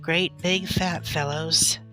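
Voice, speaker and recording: A woman's voice: low-pitched, steady tone, slow pace, over music, poor audio. Woman reading as a hearty pioneer father.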